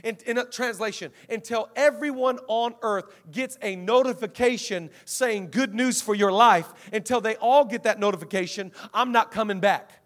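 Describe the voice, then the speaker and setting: A high-pitched man delivers an emphatic sermon as a pastor. He builds energy with call-outs to the congregation and pushes up into shouts at his peaks. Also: normal speed, hardly any pauses. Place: church auditorium before a live congregation.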